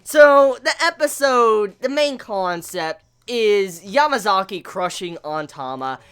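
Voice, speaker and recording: Excitable woman anime reviewer, casual and profane, frequent laughter. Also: mid-range voice, slow, clean tone. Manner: excitable, swears a lot, laughs often.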